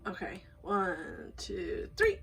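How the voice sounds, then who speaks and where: Gushing, slow-talking young woman vlogger. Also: mid-range voice, husky, low-quality recording. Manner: gushing, breathless, apologetic, rambling. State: emotional and shaky. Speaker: vlogger unboxing photocards. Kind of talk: casual excited unboxing talk.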